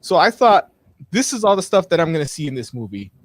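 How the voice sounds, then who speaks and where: Man, co-host, casual rambling talk, slightly high pitch, dry recording. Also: very animated, fast talker, dry recording. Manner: rambling, restarts, frank opinions. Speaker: podcast co-host. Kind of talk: casual live-show chat.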